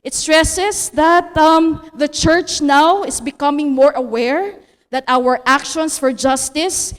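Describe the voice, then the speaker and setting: A Filipino woman lectures as a theology teacher, her voice pitched high and her sentences often ending in a questioning "no?". She slips Tagalog words into her talk. The sound carries a long reverb, like a large hall. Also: slow pace. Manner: tag "no?" after phrases, mixes in Tagalog.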